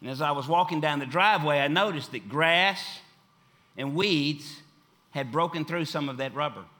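A man preaching a sermon in a church, emphatic and given to repeating key phrases, swinging from loud declarations to hushed, quiet lines. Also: a little high, normal speed. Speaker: pastor. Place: church sanctuary.

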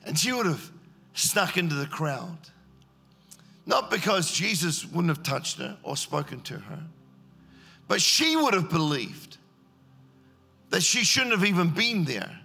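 A man's voice: a little high, big pitch swings, a little slow, vocal fry, long pauses, bright, forceful tone, slightly rough, faint music behind. A man preaching a sermon, telling the story and acting out its scenes in character voices. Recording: echoey hall.

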